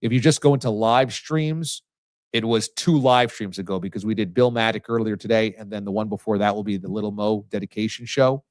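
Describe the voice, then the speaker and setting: A fairly low-pitched man with fairly even intonation talks a little fast, with no echo. As host of a live sports talk stream, he jokes loosely and reads out viewers' comments.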